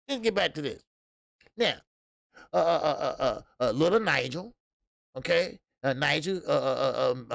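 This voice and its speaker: A man's voice: fairly high pitch, creaky, fairly bright tone, no echo, studio quality. A man hosting a casual boxing talk show, loose and profane, laughing at his own stories. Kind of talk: casual solo boxing commentary.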